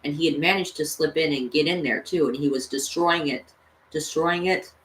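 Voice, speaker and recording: A woman vlogger with a low voice, speaking at normal speed, casually retells a cartoon story. She rambles, filling her speech with "you know" and "like." The recording was made on a distant mic in an echoey room with faint noise.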